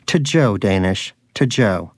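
A man voicing a hungry, devout male pet rodent who speaks in an earnest, preachy way and is quick to scold. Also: on the low side, lively intonation, dry recording, clean studio sound. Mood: indignant.

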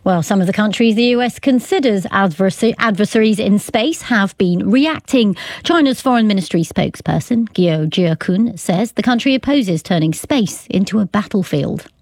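A woman's voice: medium pitch, expressive, normal speed, few pauses, darkish tone, no echo, studio quality. Woman presenting live radio news. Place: radio studio.

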